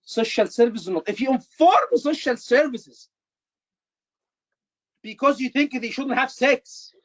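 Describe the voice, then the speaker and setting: A man's voice: very high-pitched, measured pace, no room sound, dull audio. A man tutoring students for a medical exam, emphatic and repeating his words. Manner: emphatic, repeats words, says "brother" often. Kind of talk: online teaching session.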